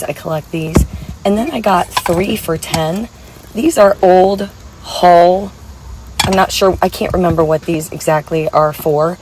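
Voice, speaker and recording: Chatty woman with a lowish voice. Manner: chatty, enthusiastic about vintage finds. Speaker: home decor vlogger. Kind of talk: casual vlog chat. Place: hotel room, sitting in bed. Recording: faint background noise.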